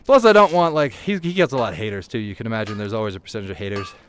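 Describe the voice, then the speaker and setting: Through a VR headset mic, a man with a low-leaning, clean-toned voice races through casual livestream chat while playing a VR game, rambling and poking fun at himself.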